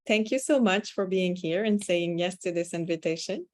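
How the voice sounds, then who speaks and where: A woman with a French Canadian accent hosting an interview podcast, speaking in a measured, reflective way with frequent pauses and ums. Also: on the low side, a little mellow. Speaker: podcast host.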